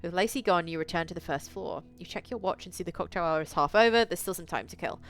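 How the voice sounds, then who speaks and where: A woman's voice: on the low side, fast, faint music behind. A woman streamer reading a visual novel aloud and chatting casually with her chat, swearing now and then. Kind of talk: casual live-stream game narration.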